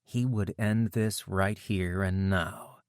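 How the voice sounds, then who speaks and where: Low-voiced male audiobook narrator. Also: clear, resonant tone, dry recording, clean studio sound. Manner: steady, measured storytelling. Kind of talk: scripted narration.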